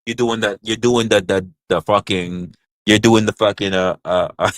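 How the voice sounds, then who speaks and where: A man's voice: on the low side, fairly even intonation, normal speed, no echo. A man hosting a livestream in casual chat, rambling, crude and joking, repeating his phrases into a close mic. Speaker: livestream host.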